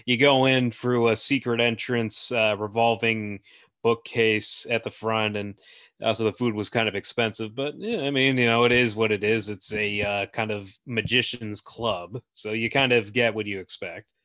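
A podcast host chats casually about films, using frequent fillers and restarting his sentences. His lowish, fairly bright voice stays fairly even in intonation at normal speed, captured in a dry, studio-quality recording.

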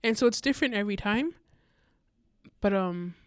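A woman guest on a podcast, telling a personal story in a casual, animated way and acting out what people said. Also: mid-range voice, normal speed, smooth, no echo, clean studio sound. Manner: animated, acts out quotes with many fillers. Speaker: guest speaker.

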